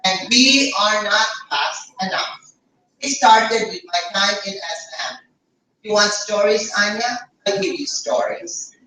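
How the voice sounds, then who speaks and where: A woman's voice: medium pitch, slow pace, pushed and bright, a little hiss or hum. Emphatic woman in an echoey hall. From Philippines. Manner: emphatic, blunt, repeats for stress. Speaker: conference speaker. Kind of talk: conference talk. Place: conference hall. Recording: echoey hall, mic from far off.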